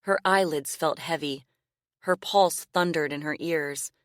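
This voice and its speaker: A woman narrating a novel audiobook in a measured, expressive reading style. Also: sits low, no echo, clean studio sound. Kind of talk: scripted narration.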